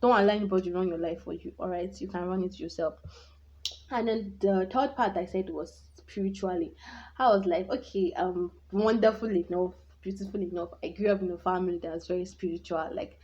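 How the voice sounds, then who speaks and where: A woman's voice: on the low side, brisk, a little mellow. A young woman telling her own life story in a vlog, candid and reflective, rambling with many restarts. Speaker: vlogger. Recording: dull lo-fi sound.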